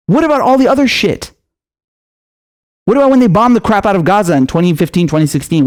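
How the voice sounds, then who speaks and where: Young male commentator with a high voice. Angry, sarcastic, profane rant full of rhetorical questions. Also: a little mellow. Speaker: political commentator. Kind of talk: ranting political commentary.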